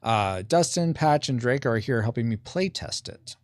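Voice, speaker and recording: A man hosting a podcast, explaining the rules of a board game he is designing and reading viewer comments aloud during a relaxed playtest. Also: mid-range voice, moderate pace, dry recording, clean studio sound.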